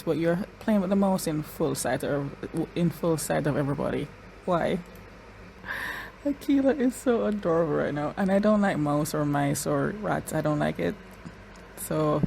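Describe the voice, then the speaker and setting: A woman's voice: low voice, vocal fry, darkish tone, slight background noise, poor audio. Chatty woman reacting to a show. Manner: chatty, talks straight to the characters; restarts and repeats words often. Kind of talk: casual episode reaction commentary.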